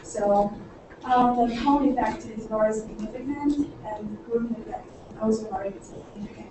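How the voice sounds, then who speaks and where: A woman's voice: on the high side, normal speed. Woman presenting in an echoey lecture room. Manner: hesitant, many fillers and restarts. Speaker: conference presenter. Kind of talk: academic talk presenting results. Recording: echoey room, far from the mic, noisy.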